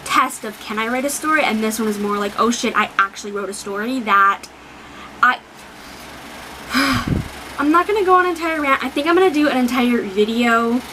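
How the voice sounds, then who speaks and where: A woman's voice: on the high side, expressive, normal speed, bright, forceful tone, slight background noise, rough recording. A young woman vlogging casually, rambling with many fillers and free swearing. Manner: emotional, near tears. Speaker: book vlogger. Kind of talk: casual vlog talk.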